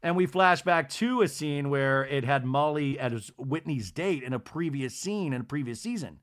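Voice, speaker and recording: A man's voice: mid-range voice, moderate pace. A man hosting a podcast, giving a chatty, gossipy solo TV recap. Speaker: podcast host. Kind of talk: casual TV recap monologue.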